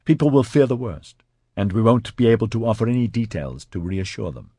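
A sharp-tongued woman official who snaps out short, curt sentences, as a male narrator puts her on. The voice stays husky and low beneath the lift, and the recording is dry. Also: sing-song, brisk, dry recording, heavily acted.

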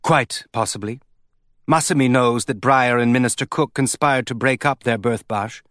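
A man's voice: medium pitch, normal speed, fairly bright tone, no echo, clean studio sound, lightly acted. A man reading an audiobook, voicing a cautious parent who speaks in a subdued, careful way. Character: cautious, softly spoken parent.

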